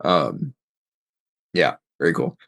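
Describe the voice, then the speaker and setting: A man's voice: extremely low pitch, huge pitch swings, slow pace, vocal fry, a bit bright. A man narrating as game master, rambling and thinking aloud as he describes the scene.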